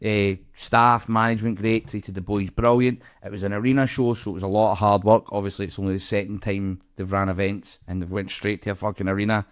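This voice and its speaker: A man's voice: lowish voice, level tone, a little fast, hardly any pauses, smooth. A Scottish man, co-host of a comedy podcast, telling a story in casual chat, swearing a lot and acting out the voices of the people in it.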